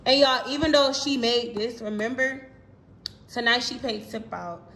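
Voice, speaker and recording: A young woman coaches in a relaxed chat, speaking bluntly and encouragingly and swearing casually. Her voice sits a little high. The room is echoey, with faint noise behind her. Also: a little slow.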